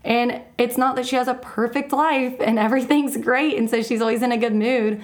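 A woman's voice: fairly high pitch, steady tone, brisk. A woman who leads a real estate team, chatting and laughing easily in a casual interview.

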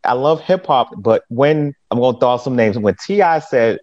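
A man from the Boston area recounts his path into real estate in a relaxed interview. He talks with emphatic, animated energy, pushing his voice up high on the punchlines. The sound is dull and slightly lo-fi. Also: normal speed, hardly any pauses. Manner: animated, emphatic storyteller with laughs. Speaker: guest, real estate agent. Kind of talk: casual interview storytelling.

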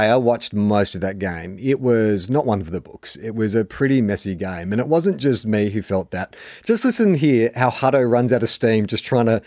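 A man's voice: lowish voice, a little mellow, no echo, studio quality. An Australian man in his forties hosting a casual sports podcast, telling stories animatedly and laughing often. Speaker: podcast host.

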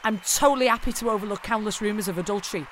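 A man puts on a brash, fame-hungry pop-star woman in a raised voice. She rattles off her demands quickly. There is clear noise behind her. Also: sits high, voice pushed up, close to an everyday voice.

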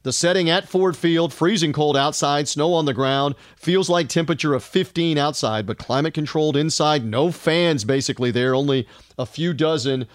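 Sports podcast host, male, higher register, upbeat rambling read, dry booth sound. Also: dry recording. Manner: upbeat, rapid run-on delivery with fillers.

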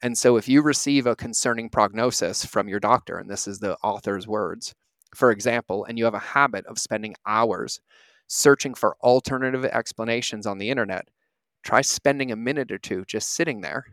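A man's voice: fairly low pitch, a bit bright, no room sound. A man in his thirties, a podcast host, giving an earnest, reflective motivational talk and often asking "right?".

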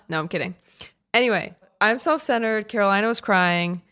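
A woman co-hosting a podcast in casual chat, joking and self-deprecating with quick asides. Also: mid-range voice, a bit bright, clean tone. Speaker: podcast co-host. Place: remote call.

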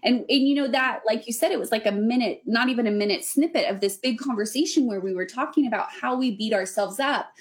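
A woman's voice: on the high side, fast, few pauses. A young adult woman, a weightlifting coach, talking earnestly and rambling with lots of fillers in a casual podcast chat. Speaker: weightlifting coach running women's camps.

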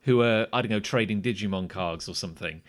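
A man in his thirties co-hosting a comedy podcast, stammering as he builds up his points. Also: on the low side. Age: 30s. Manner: halting, stammering build-ups. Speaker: podcast co-host. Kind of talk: casual comedic chat.

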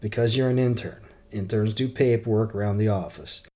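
Man voicing a grumbly young reporter, low and clipped. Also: fairly quick, warm tone, close to an everyday voice. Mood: curt. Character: young male reporter, annoyed and curt.

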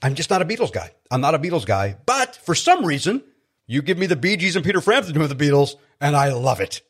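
A man from Chicago, a guest comedian, telling stories in casual chat, animated and self-deprecating with many restarts. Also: a little high, fast, slightly rough. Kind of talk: casual storytelling.

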